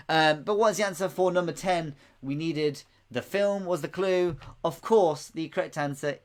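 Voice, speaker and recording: A man in his late twenties hosting a live quiz, chatting in a jokey, giggly way with rambling asides, close to his microphone. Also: fairly high pitch. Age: late 20s. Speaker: quiz host. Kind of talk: live-streamed quiz answers. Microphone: microphone close to the mouth.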